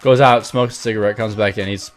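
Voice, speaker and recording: A young man who makes gaming videos, telling a profane, animated story in a casual way with lots of filler words over gameplay. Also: on the low side, fairly quick, faint music behind. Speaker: gaming YouTuber.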